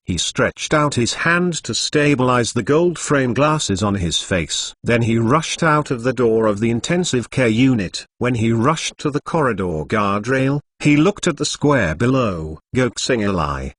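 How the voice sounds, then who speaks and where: A man's voice: mid-range voice, lively intonation, a little slow, few pauses, fairly bright tone, no echo. A man's synthetic narrator voice reading a web novel aloud in a stilted way, speaking the punctuation marks as words.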